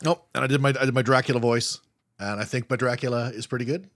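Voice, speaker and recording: A man co-hosting a horror film podcast, telling stories in a casual, animated way, laughing often and restarting his sentences. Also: mid-range voice, fast, no echo, clean studio sound. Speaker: podcast co-host. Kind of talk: casual chat.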